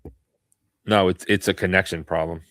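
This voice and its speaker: A man's voice: low-pitched, steady tone, fairly quick, fairly bright tone. A man hosting a live online talk stream, reading aloud with mock-serious sarcasm. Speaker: host.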